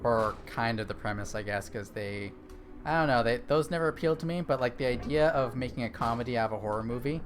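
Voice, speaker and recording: This young man talks fast in a medium-pitched voice while streaming a horror game. His casual chat wanders, with lots of fillers and restarts, and there's slight background noise.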